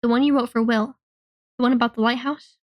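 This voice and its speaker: A calm, caring young woman friend , voiced by a woman reading the story, soothing and steady. The voice sits a little high and sounds dry, as if the mic is close. It is a storybook reading. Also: a little fast, no room sound, close to an everyday voice. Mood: calm, coaxing. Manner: gentle, steady, reassuring.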